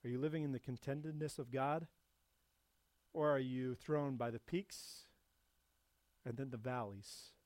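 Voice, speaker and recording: A male pastor delivers a sermon, swelling into loud, emphatic passages before sinking back into soft, low reflection. His tone stays steady and his pace measured, with frequent pauses and no echo.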